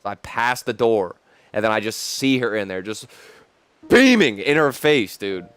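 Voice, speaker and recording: A young man, a gaming streamer, chatting casually and excitedly over gameplay, full of slang. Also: fairly low pitch, a little slow, clean tone, no echo. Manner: animated, slangy, says "dude" a lot.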